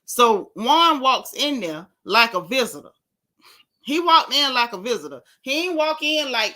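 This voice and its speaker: A woman hosts a gossip vlog in a sassy, animated style and hammers her points home with repetition. Her voice is bright and a little high. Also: a little slow. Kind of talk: casual chat.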